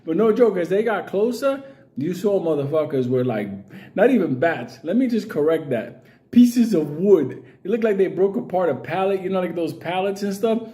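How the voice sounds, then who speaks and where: A middle-aged man rambles through a crude, laugh-filled story. His voice sits a bit high, yet its tone stays soft and mellow. He talks in a loose, profane vlog style. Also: very animated, moderate pace. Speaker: vlogger. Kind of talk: casual storytelling.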